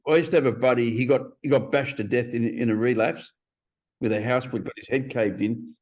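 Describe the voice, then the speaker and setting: A blunt man in his fifties, speaking as a podcast guest. He tells stories in a loose, animated way, peppered with swearing. His voice sits at an ordinary middle pitch. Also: fairly quick. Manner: blunt, profane, animated storyteller. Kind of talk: casual interview storytelling.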